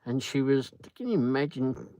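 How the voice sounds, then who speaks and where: A man's voice: mid-range voice, big pitch swings, moderate pace, warm tone, poor audio. A man hosting a casual livestream, rambling through a story and greeting viewers by name. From Britain. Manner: rambling, chatty, reads viewer comments aloud. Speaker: livestream host.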